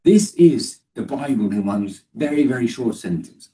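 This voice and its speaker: A man's voice: mid-range voice, expressive, normal speed, few pauses, warm tone, far from the mic, rough recording. A man preaching a sermon, emphatic and lifting his voice when he quotes scripture, with fillers and restarts.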